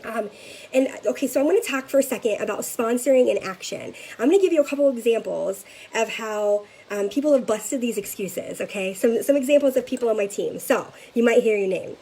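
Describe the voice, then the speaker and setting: A middle-aged woman gives a lively motivational talk to camera, leading her sales team. Her voice is husky and sits fairly high. She keeps the energy up and checks in often with a quick "okay?". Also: poor audio. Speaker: direct-sales team leader.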